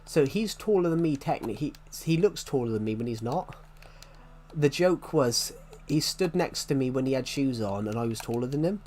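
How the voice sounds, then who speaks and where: On a game stream, a young man from the UK with a strong regional British accent and strong R sounds chats casually with viewers. His medium-pitched voice is expressive and a little mellow at a normal speed, and he rambles and corrects himself while answering chat questions as they come.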